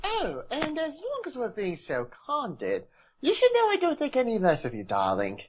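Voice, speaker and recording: A prim, fashionable mare pony, as a woman puts her on, genteel and drawn-out, with a melody that soars and dips wildly. She is gossipy and refined. The audio is muffled and lo-fi. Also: fairly high pitch, huge pitch swings, a little hiss or hum, voice pushed up. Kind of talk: amateur reading of fan fiction.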